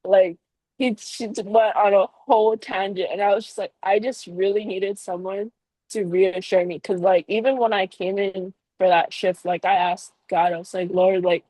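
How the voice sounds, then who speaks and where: A woman's voice: mid-range voice, steady tone, normal speed, mellow, no echo, poor audio. Young woman baker telling an emotional story, lots of likes, dry close sound. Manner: emotional, heartfelt, lots of "like" fillers. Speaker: baker and business owner, podcast guest. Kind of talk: casual podcast storytelling.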